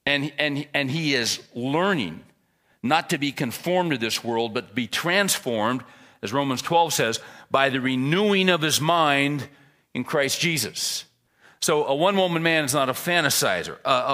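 A man preaching a sermon as a pastor, telling stories with emphatic bursts and quiet asides. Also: on the high side, normal speed. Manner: animated storyteller, swings from loud emphasis to quiet asides.

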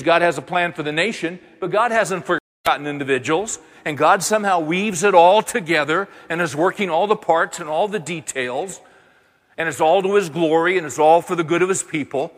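A man delivers a sermon with animated energy, acting out the people in his story as he goes. His voice sits a little high for a man. The sound carries the long reverb of a large hall. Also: a little fast. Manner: animated, voices the prophet and God in dramatic quotes. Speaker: pastor.

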